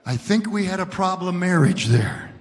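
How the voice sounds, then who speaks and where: A male pastor preaching an emphatic sermon built on repeated lines, moving from shouts down to hushed words. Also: high voice, big pitch swings, moderate pace, long reverb tail.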